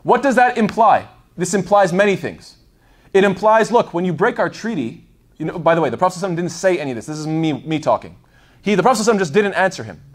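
Male lecturer, casual storytelling lesson, high voice, quick and digressive. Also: lively intonation. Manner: digressive, thinks aloud with many fillers. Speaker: Islamic lecturer. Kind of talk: casual explanatory talk.

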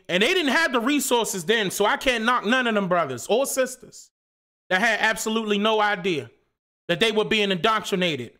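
A man's voice: high-pitched, pushed and bright. A man hosting his own live stream, speaking in a passionate, preachy rant full of rhetorical questions and casual slang. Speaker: channel host.

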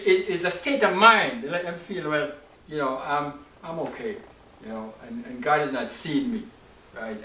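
A man's voice: on the high side, bright, forceful tone. Man preacher, raised voice, informal Bible talk, miked from a distance in a reverberant room. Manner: conversational, repeats "right?" and "you know". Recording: echoey room, voice off-mic.

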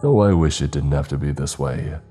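A man's voice: rumbling low, normal speed, mellow, faint music behind. A man voicing a grave, regretful male priest who speaks solemnly and apologetically in a horror story. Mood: sorrowful.

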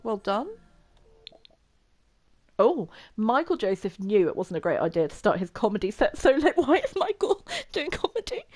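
A woman's voice: mid-range voice, sing-song, normal speed, a little mellow. A young woman chatting and giggling her way through a life-sim game as a streamer. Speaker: gaming streamer. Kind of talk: casual gameplay commentary.

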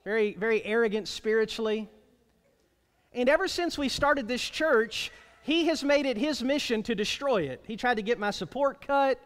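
A man preaching a sermon as pastor, emphatic, slowing down to stretch out key phrases. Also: very high-pitched, a bit bright. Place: church sanctuary. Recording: long reverb of a church hall.

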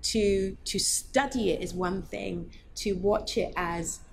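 A woman film director giving a thoughtful junket interview, pausing and restarting her sentences as she works through her thoughts. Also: medium pitch, steady tone, vocal fry, slight background noise. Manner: thoughtful, halting, many restarts.

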